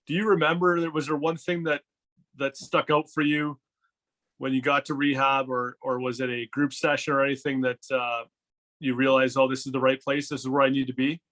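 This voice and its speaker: A man's voice: mid-range voice, flat delivery, a little fast, a bit bright, low-quality recording. A man hosting a podcast interview, asking questions hesitantly and rephrasing as he goes. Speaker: podcast host.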